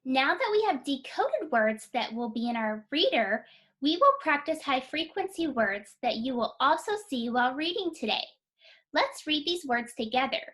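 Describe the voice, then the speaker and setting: A woman teaching a phonics lesson to young children, sounding out words slowly, clearly and encouragingly. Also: high-pitched, expressive, fairly bright tone. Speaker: kindergarten teacher.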